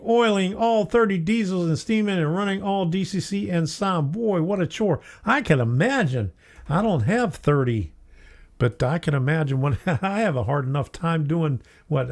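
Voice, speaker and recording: A middle-aged man hosting a casual hobby live stream, chatty, laughing often and reading viewer comments aloud. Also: a little high. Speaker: host of a model train live stream.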